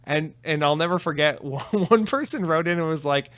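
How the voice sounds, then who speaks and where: A man's voice: fairly high pitch, moderate pace, a bit bright. A man hosting a solo podcast, chatting casually and rambling with many restarts and repeated words, swearing now and then. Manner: casual and profane, self-deprecating. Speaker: podcast host. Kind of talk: solo podcast chat reading listener comments.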